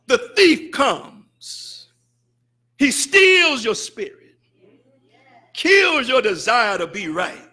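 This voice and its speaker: A man preaching a fervent sermon as a student minister in a mosque, breaking into shouted bursts and wry, mocking asides. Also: very high voice. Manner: mocks excuses in wry, drawn-out asides.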